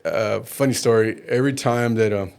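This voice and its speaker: A middle-aged man, bass player and band manager, telling stories in a casual interview and acting out the people he quotes. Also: normal speed, vocal fry. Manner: animated storyteller, acts out quoted voices.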